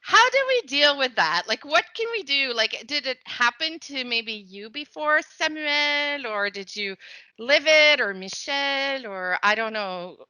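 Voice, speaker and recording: A woman from New Brunswick moderating a panel discussion, chatty and animated, switching between English and French. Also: high voice, unhurried, no echo. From New Brunswick, Canada. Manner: chatty, animated, laughs often.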